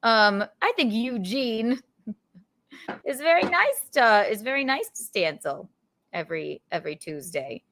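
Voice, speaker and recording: A woman's voice: on the high side, sing-song, unhurried, a bit bright. A young adult woman hosting a podcast, chatting casually and rambling with lots of giggles. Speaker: podcast host. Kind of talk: casual chat.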